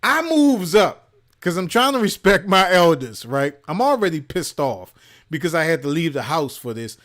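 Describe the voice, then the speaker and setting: A man from Maryland, co-hosting a gaming show, telling a profane story in casual chat and shouting out the lines he quotes. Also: on the high side, big pitch swings, moderate pace. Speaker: podcast co-host.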